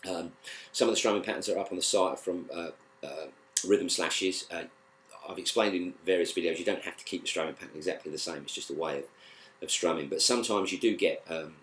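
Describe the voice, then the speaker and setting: A British man with a deep, low voice talks through a guitar lesson. He explains in an easygoing, halting way, pausing and restarting his sentences. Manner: relaxed, halting explanations with many fillers and restarts. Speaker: guitar teacher. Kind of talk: casual spoken lesson.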